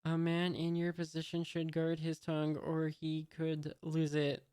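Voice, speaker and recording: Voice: mid-range voice, unhurried, clear, resonant tone, no room sound, natural voice. A reader voicing a spoiled, cruel rich young man while reading a comic aloud, saying his lines plainly. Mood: sneering. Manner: reads the lines flatly, barely changing voice.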